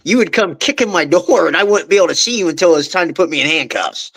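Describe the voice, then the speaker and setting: A man's voice: high-pitched, fast talker, fairly bright tone. A man guest on a podcast, chatting casually and laughing as he tells an anecdote.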